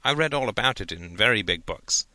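A man's voice: fairly low pitch, expressive, a little fast, sharp tone, dry recording. A man reading a weary professor father. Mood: musing. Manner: hesitant, musing, trails off.

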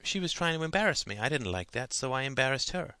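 A man voicing a clever, calm schoolboy who talks in a matter-of-fact, deadpan way. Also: medium pitch, quick pace, clean tone, no echo, voice pushed up.

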